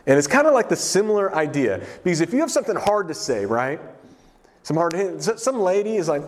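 Animated and brisk, a young male pastor preaches loosely and conversationally, cracking jokes and circling the text with many fillers. His voice has a medium pitch and a somewhat dark tone.

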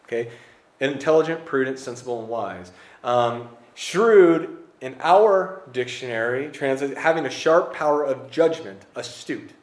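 A man's voice: medium pitch, unhurried. A man preaching a conversational sermon to a congregation in a church, with casual, joking asides to the crowd. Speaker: pastor. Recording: roomy church hall echo.

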